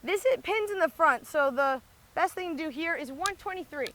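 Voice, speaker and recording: A woman's voice: very high-pitched, animated, normal speed, a bit bright. A woman talking casually through her golf shots outdoors, chatty and thinking aloud, out of breath. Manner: chatty, thinks aloud with many likes and restarts. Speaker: golf vlogger. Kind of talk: casual talk-through while playing golf. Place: outdoors on a windy golf course.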